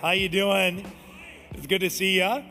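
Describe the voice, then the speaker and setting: A man's voice: high voice, flat delivery, a little slow, pushed and bright. A pastor in his forties giving a casual, conversational sermon, often dropping in "man". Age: 40s. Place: church sanctuary. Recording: long hall reverb, music behind.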